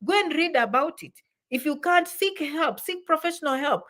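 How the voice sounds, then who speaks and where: A woman in middle age with a somewhat high voice hosts a live stream on immigration advice. She speaks emphatically to her viewers, circling back over her points and repeating phrases, and often stops to greet them warmly. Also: animated, moderate pace. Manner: emphatic and repetitive, with affectionate asides to viewers. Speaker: immigration advice channel host.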